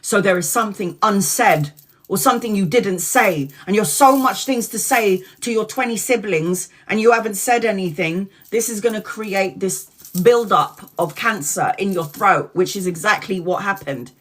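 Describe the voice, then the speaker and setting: A woman's voice: mid-range voice, moderate pace. A woman in her forties, a tarot reader hosting a live stream, talking frankly and chattily, swearing freely and calling out viewers by name. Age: 40s. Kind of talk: casual live-stream chat.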